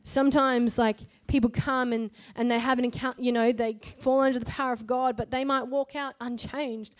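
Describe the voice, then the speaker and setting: A woman preaching a sermon at a church service, emphatic and rhetorical, punctuating her points with quick checks to the crowd. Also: a little high, flat delivery.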